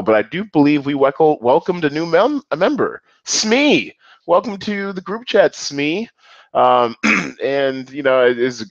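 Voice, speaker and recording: A man's voice: mid-range voice, no echo, lo-fi sound. A man hosting a solo podcast, chatty and self-deprecating, with many restarts and fillers. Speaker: podcast host.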